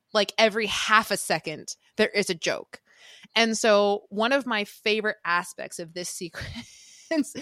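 A woman's voice: mid-range voice, a bit bright, dry recording, studio quality. A woman co-hosting a podcast, chatting casually about a film and acting out its lines in playful voices. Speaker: podcast co-host.

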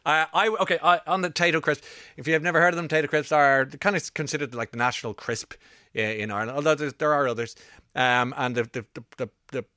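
Forceful, chatty middle-aged male radio host. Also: fairly high pitch, fairly even intonation, no room sound, studio quality. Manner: chatty, rambling storytelling with quick asides. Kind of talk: casual radio chat. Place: radio studio. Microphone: broadcast studio mic.

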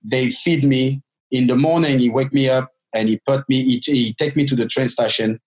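A man, telling a personal story in a halting, casual way with many restarts. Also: medium pitch, steady tone, poor audio. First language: French. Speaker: guest telling his life story.

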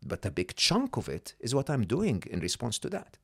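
A man talking as a podcast guest in an animated way, often checking in with "right?" and "hmm?" and restarting his sentences. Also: mid-range voice, normal speed, gravelly. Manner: frequent restarts and repeated words. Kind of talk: conversational interview.

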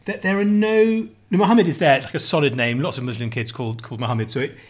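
Speaking fast in a mid-range voice, this middle-aged co-host has a posh southern English accent. He chats casually on the podcast, telling meandering stories and doing impressions of other people.

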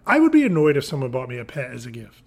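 A man's voice: medium pitch, wildly swooping pitch, quick pace, a little mellow. A man co-hosting a podcast in casual chat, chiming in with corrections, extra details and dry jokes. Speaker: podcast co-host. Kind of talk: casual chat recapping a film.

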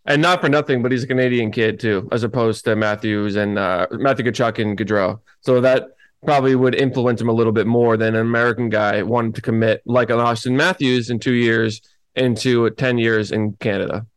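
A man's voice: medium pitch, fairly even intonation, a little fast, clean tone, dry recording. A man hosting sports talk, laying out the news in a conversational way and putting probing questions to his co-host. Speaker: hockey podcast host.

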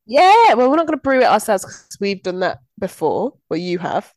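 A woman co-hosting a podcast, telling lively anecdotes in casual chat and laughing often. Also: mid-range voice, fairly quick, dry recording. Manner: chatty, animated anecdotes with frequent laughter. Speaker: podcast co-host.

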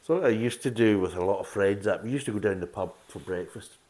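This beer reviewer and podcast host, a middle-aged man, talks fast in a fairly low, somewhat dark voice. His tasting review is casual and meandering, full of side chatter.

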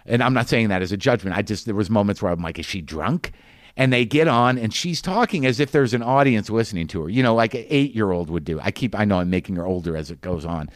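A man hosting a podcast, telling a rambling, incredulous comic story with quick restarts. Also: fairly low pitch, animated, no echo, studio quality. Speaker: podcast host.

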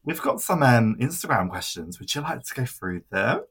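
A woman co-hosting a casual podcast, telling stories with plenty of swearing. Her voice sits very low but has a bright, forward edge. There is a husky grain to it, and her pitch moves in a lively way. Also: normal speed. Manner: storytelling, swears freely, laughs often. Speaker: podcast co-host. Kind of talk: casual chat.

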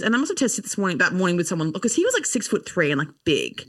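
A woman's voice: on the high side, very animated, normal speed, fairly bright tone, no room sound. A young woman telling a wild story on a podcast, laughing and swearing as she goes. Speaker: podcast guest. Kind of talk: casual storytelling chat. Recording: dry, slightly distant mic.

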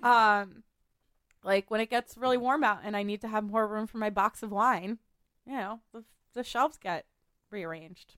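A woman's voice: mid-range voice, moderate pace, fairly bright tone, clear, resonant tone, no echo, studio quality. A woman hosting a casual podcast, giving practical cleaning tips in a chatty way with frequent laughs.

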